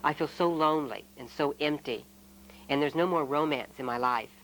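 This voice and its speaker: A lonely young wife pleads down the phone for romance, plaintive and a touch higher than a plain speaking voice, as a man puts her on mid-talk. Her voice keeps a quiet, unhurried tone. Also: a little hiss or hum, lightly acted, low-quality recording. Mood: wistful. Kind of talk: acted quote in a retreat talk.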